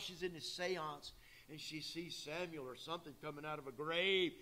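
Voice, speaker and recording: In a church, a pastor gives a sermon sprinkled with folksy asides, using a fairly high, expressive voice with a sharp tone at a moderate pace. He talks to his congregation directly, emphatic and plain-spoken.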